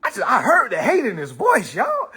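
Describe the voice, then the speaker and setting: A man teaching and mentoring, talking casually to his viewers in a blunt, profane, animated way. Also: extremely high pitch, normal speed, breathy edge. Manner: blunt, profane, animated, keeps saying "all right".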